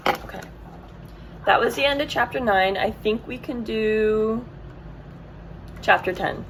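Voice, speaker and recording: A woman's voice: a little high, unhurried, a little hiss or hum, low-quality recording. A woman reading a children's book aloud, with casual asides and self-corrections. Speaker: reader.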